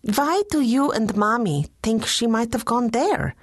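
A woman's voice: a little high, animated, measured pace, dry recording, studio quality, voice pushed up. A woman voicing a timid, anxious young Amish sister who speaks in a worried, pleading way.

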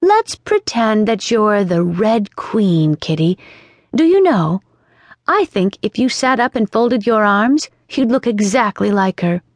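A woman's voice: mid-range voice, very animated, slow, no echo, heavily acted. A woman voicing a chatty, imaginative young girl in an audiobook, earnest and lilting. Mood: coaxing. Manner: earnest, scolding and dreamy by turns, lilting. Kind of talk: audiobook character reading. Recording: dry studio sound.

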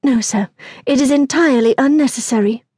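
A woman reading an audiobook, voicing a spirited, witty young gentlewoman who speaks with crisp, tart poise. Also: high voice, a little fast, dry recording, clean studio sound, pitched above the performer's own voice. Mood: tart, composed.

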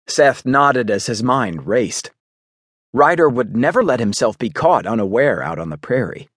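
A man narrating a western romance novel in a brisk, dramatic storytelling manner. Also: mid-range voice, big pitch swings, fairly bright tone, breathy edge, dry recording, clean studio sound. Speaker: audiobook narrator. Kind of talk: scripted narration.

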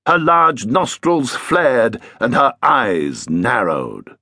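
A man narrating a children's audiobook in an expressive, animated reading style. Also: on the high side, takes it slowly, hardly any pauses, no room sound, studio quality.

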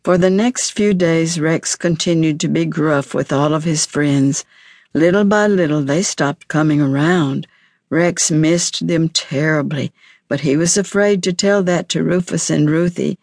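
A woman narrating a children's storybook audiobook in a measured, clear storytelling manner. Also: low-pitched, a little mellow, no room sound, studio quality.

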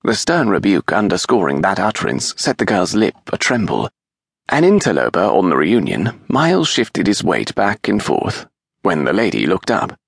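A man reading a historical romance audiobook aloud in an expressive, measured storytelling manner, with a gravelly, husky voice on a close studio mic. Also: deep voice, no echo. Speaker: audiobook narrator. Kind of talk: scripted narration of a historical romance.

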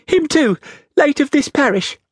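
A man voicing a terrified small boy who pleads timidly in a high, quavering voice. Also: very animated, measured pace, no room sound, studio quality, full character voice. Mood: frightened pleading.

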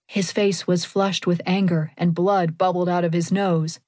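A woman reading an audiobook in a steady, clear narrating voice, recorded on a close studio mic. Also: fairly low pitch, measured pace, few pauses, no room sound. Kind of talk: scripted narration.

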